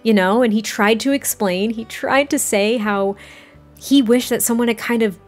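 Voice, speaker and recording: A woman's voice: on the high side, normal speed, faint music behind. A woman casually narrating a life-sim story, chatty and filling her talk with "like" and "you know". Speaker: Sims storyteller YouTuber.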